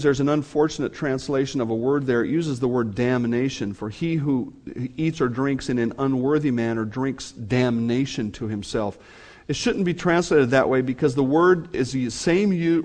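A man's voice: a little high, darkish tone. A man preaching a sermon to his congregation, speaking earnestly and addressing them directly. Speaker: pastor.

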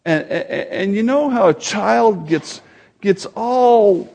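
An older man preaching a sermon as pastor, telling stories with animated delivery and acting out voices. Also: high voice, slow pace, vocal fry. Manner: animated storytelling, acts out voices; quotes scripture with rising force.

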